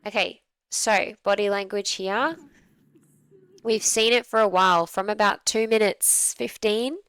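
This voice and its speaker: A woman dog trainer commenting on a training clip in a relaxed, conversational way, often acting out examples to make her point. Her voice is smooth and resonant, at a middle pitch. The recording is dry and close. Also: measured pace, no echo, low-quality recording. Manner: conversational, explains with acted examples. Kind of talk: video review commentary.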